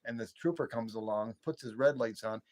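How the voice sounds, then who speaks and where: A man with a fairly low voice hosting a relaxed late-night livestream. He rambles from story to story, laughs easily and answers viewers' comments as they come in. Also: fairly quick. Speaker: livestream host.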